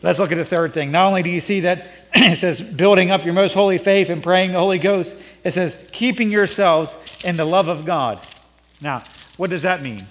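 A middle-aged male pastor preaching a sermon, rising to emphatic peaks and then dropping low and conversational. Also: moderate pace. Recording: long reverb of a church hall.

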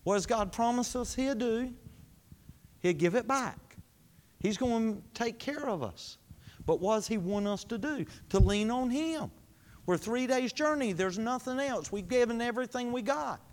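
High-voiced man preaching in a reverberant hall. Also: lively intonation, moderate pace. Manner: asks the congregation questions and answers them; swings between high emphatic lines and low quiet ones. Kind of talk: sermon.

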